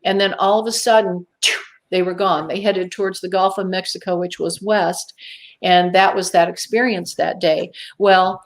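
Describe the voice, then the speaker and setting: A woman, a talk-show guest, recounts a personal experience in an emphatic, vivid way. She leans on dramatic pauses and acts out the voices in her own head. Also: fairly low pitch, fairly even intonation.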